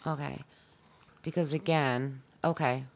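A middle-aged woman with a strikingly low, gravelly voice co-hosts a podcast in a relaxed, unhurried way with fairly even intonation. Curious and playful, she teases her partner and peppers them with questions.

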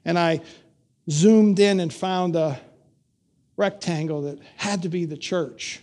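An older male pastor telling a story in a sermon, slow and measured with dramatic pauses. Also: high voice, a little mellow.

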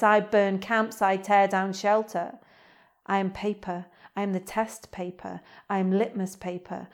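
A young woman from Wales, performing her poems in a rhythmic, insistent spoken-word style. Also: mid-range voice. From North Wales. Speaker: poet. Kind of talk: poetry reading.

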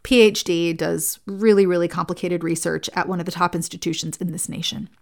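A woman's voice: on the low side, fairly even intonation, fairly quick, gravelly. A woman who is a licensed therapist, giving an earnest, conversational talk to fellow therapists and telling stories along the way.

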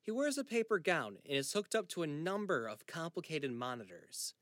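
A male narrator reading a scripted story in an even, descriptive manner. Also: on the high side, moderate pace, no echo, studio quality.

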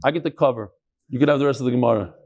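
A man with a racing, gravelly, medium-pitched voice of darkish tone teaches a casual daily Talmud class to a live study group in a room. He chants the Aramaic text, explains it in chatty English, and jokes and bickers with his students.

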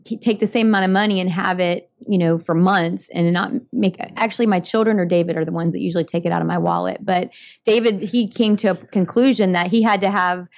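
A woman speaking casually during a church service, hesitant and soft, with many ums. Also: on the low side, fairly even intonation, fairly quick, creaky. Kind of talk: casual talk during a sermon.

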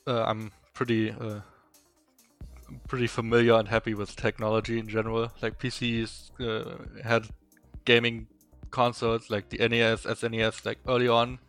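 A young man from Eastern Germany with a strong German accent, a native German speaker, chatting as a podcast guest and telling stories haltingly with many fillers. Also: medium pitch, monotone, a bit bright, soft background music. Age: young adult. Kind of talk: casual interview chat.

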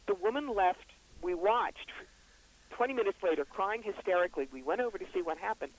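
A man with a brisk, wry storytelling manner, the psychic author and reverend being interviewed on a radio show. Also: sits high, expressive, low-quality recording. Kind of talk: interview guest.

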